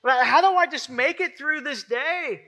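A man's voice: very high voice, moderate pace, bright, forceful tone. A man preaching a sermon as pastor, talking conversationally and acting out the voices he quotes.

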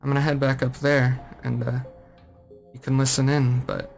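A man running a tabletop game as its game master, narrating in a relaxed and loose manner with frequent fillers. His voice sits in a middling pitch. Faint music plays behind him. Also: normal speed, gravelly.

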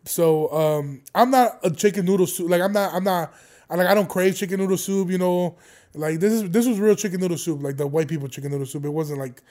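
A young man with a high voice talks straight to his viewers in a loose, rambling monologue. He swears freely, wanders off topic and keeps breaking into laughter between jokes. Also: brisk, mellow. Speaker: vlogger.

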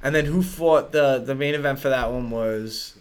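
A young American man hosting a podcast, talking in a loose, animated way with lots of swearing. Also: mid-range voice, normal speed, clean tone. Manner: animated, swearing, puts on silly accents. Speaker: podcast host. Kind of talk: casual chat.

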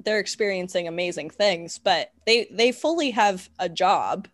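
A co-host telling a story in casual chat, relaxed, saying "like" a lot. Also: mid-range voice, moderate pace.

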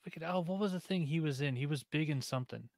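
A man co-hosting a podcast in casual chat, teasing his friends and quick with film trivia. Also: fairly high pitch, vocal fry, darkish tone, no room sound. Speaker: podcast co-host.

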